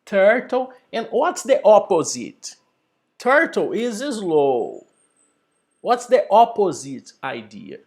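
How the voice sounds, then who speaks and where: Guy teaching english on a video call, talks real slow, voice goes up and down a lot. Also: high-pitched, huge pitch swings, gravelly, a little mellow. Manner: slow, deliberate teaching with example sentences. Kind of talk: online English lesson.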